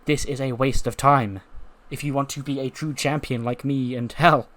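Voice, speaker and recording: A man's voice: medium pitch, steady tone, moderate pace, a bit bright, natural voice. A man voicing an arrogant woman wrestling champion who mocks her rivals condescendingly. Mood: mocking. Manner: mocking and condescending.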